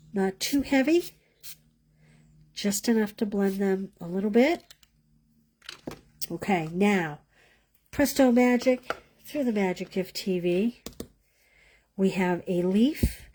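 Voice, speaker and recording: A woman with a warm, mid-range voice leads a live card-making class. She chats and thinks aloud while demonstrating, sometimes dropping to a whisper as she works.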